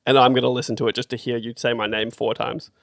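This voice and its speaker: An Australian man co-hosting a podcast in casual chat, teasing in deadpan banter and often trailing off quietly. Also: medium pitch, fast talker, creaky, dry recording, studio quality. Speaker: podcast co-host.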